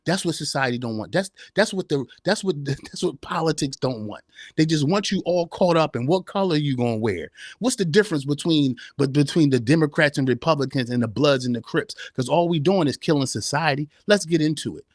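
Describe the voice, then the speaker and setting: A man's voice: fairly high pitch, expressive, fairly quick, no echo, studio quality. Preachy fired-up man on a live podcast. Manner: preachy, exhorting, rhetorical questions. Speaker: podcast host. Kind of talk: live-streamed motivational talk.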